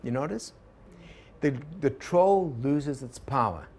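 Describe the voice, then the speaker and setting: A man teaching a workshop to a live group, relaxed and digressive, often turning to the audience with questions. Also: medium pitch, slow. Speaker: organizational consultant teaching a workshop.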